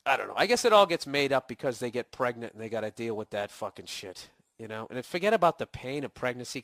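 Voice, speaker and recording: A man's voice: mid-range voice, a bit bright, no echo, clean studio sound. A middle-aged man with a Boston accent hosting a podcast, ranting in a profane, sarcastic comedic monologue. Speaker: podcast host.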